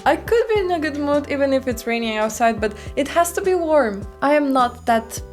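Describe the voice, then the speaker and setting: A woman's voice: sits high, lively intonation, moderate pace, faint music behind. A woman vlogging about her bullet journal in rambling, self-deprecating casual chat, speaking English as a non-native speaker. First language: not English. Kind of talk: casual chatty vlog.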